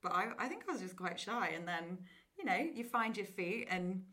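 A woman's voice: medium pitch, normal speed. Giggly young woman podcast guest. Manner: giggly, lively storyteller. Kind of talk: casual chat.

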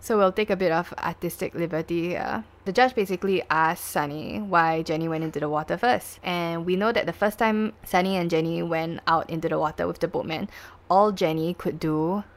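A woman's voice: lowish voice, a little fast, hardly any pauses. A Singaporean woman hosting a casual true-crime podcast, chatty and full of fillers. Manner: chatty, lots of likes and lah. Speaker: podcast host.

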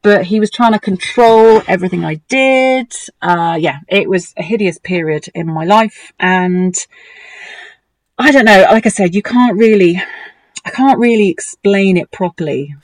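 A woman guest on a talk show recounts a painful personal story, getting animated and mimicking the voices of people she quotes. Her voice is mid-range and her pace measured, though the recording is rough.

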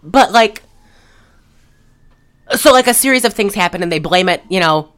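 A woman's voice: fairly low pitch, lively intonation, normal speed, a bit bright. A woman hosting a podcast, recapping a film in casual chat and rambling with many fillers. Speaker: podcast host.

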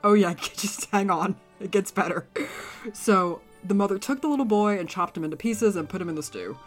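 A woman's voice: mid-range voice, expressive, normal speed, faint music behind. A woman co-hosting a podcast, retelling a grim folk tale in a casual way with frequent giggles and dry asides. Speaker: podcast co-host. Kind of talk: casual storytelling chat.

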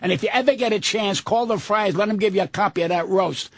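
A man's voice: high-pitched, quick pace, fairly bright tone, no room sound. An older man, a veteran comedian, ranting bluntly and cursing freely in a combative comic style. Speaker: guest comedian. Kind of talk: profane comic rant.

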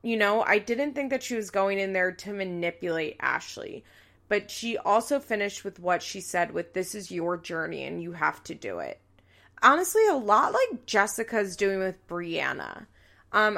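A woman's voice: medium pitch, vocal fry, fairly bright tone. A young woman hosting a show who recaps a reality series in casual, chatty talk, full of "like" fillers. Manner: chatty, frequent "like" fillers, quotes people in passing. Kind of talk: casual chat.

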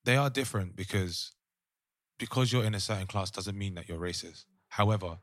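A man's voice: low voice, brisk, dry recording, studio quality. A man co-hosting a podcast chat, thinking aloud and hesitant at times. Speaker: podcast co-host. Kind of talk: casual chat.

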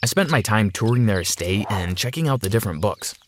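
A man narrating a first-person story in an expressive storytelling manner. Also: on the low side, fairly quick, a little hiss or hum.

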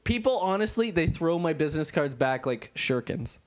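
A man's voice: fairly high pitch, moderate pace. Man, comedy podcast co-host, playful, mock-serious, teasing, studio. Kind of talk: improvised comedy chat.

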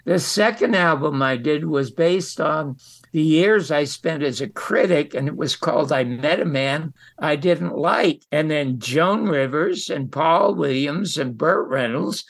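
An older man, a guest in an interview, telling lively anecdotes and acting out quoted lines. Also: a little high, a little slow, gravelly. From United States. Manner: animated storyteller who acts out quotes. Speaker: guest storyteller.

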